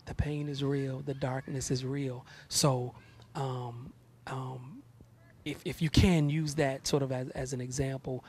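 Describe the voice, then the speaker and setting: A man in his thirties, a gospel artist talking in a casual interview, animated and preachy, often repeating words as he starts sentences. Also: mid-range voice, a little slow, husky.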